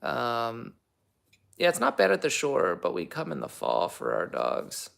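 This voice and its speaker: Young man, livestream host, gravelly fry in the voice, mid-pitched, rambling casual chat, filler-heavy. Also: huge pitch swings, unhurried, a bit bright. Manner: rambling and chatty, lots of fillers. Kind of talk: casual livestream chat, reading viewer comments.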